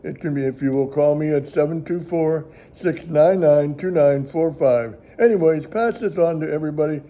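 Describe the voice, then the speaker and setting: Older male ministry host, folksy rambling storyteller, higher-pitched, very dark tone. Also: moderate pace. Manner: rambling, chuckling, folksy grammar. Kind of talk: casual storytelling.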